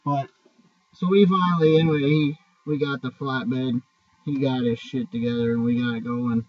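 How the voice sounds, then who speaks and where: A man's voice: a little high, expressive, moderate pace, no echo. Trucker guy rambling thru a road story, cussing a lot, sounds far from the mic and kinda muffled. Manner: rambling, profane, restarts often. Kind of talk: casual spoken storytelling. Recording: dull, distant mic.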